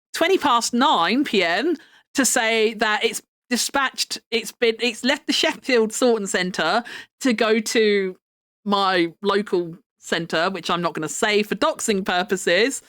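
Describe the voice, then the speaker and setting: A woman's voice: fairly high pitch, a bit bright. A young woman chatting casually on her live stream, rambling and laughing often.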